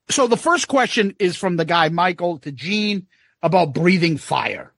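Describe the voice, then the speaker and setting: Man, podcast co-host, casual jokey chat, animated pitch. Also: measured pace, gravelly, dry recording, studio quality. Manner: swears freely, jokey retelling.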